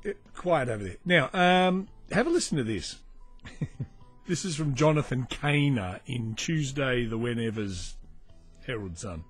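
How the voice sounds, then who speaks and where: A man's voice: medium pitch, expressive, a little slow, husky, no room sound, soft background music. A man hosting a comedy podcast, rambling through a dry, mocking monologue and getting easily sidetracked.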